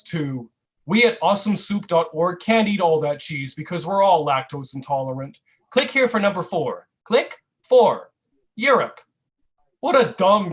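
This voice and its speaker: A man at an online open mic, reading a comic piece in a mock-earnest, satirical way and drawing out his deadpan asides. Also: high-pitched, highs cut off. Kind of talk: comic spoken-word reading.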